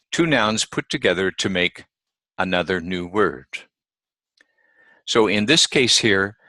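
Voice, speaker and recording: Man, English teacher, instructional lesson, deep voice, unhurried, deliberate, repeats examples. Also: pushed and bright, no echo.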